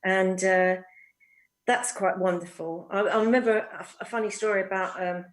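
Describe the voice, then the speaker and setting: A woman's voice: mid-range voice, fairly even intonation, normal speed, low-quality recording. Chatty woman telling stories. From East End of London. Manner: chatty, laughing storyteller with many "um"s. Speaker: guest actress. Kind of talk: casual anecdote telling.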